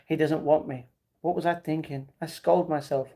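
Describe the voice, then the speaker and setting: A man's voice: a little high, steady tone, normal speed, dark tone. A man reading a novel aloud on a live stream, stumbling and correcting himself, with breaks where he laughs at the chat.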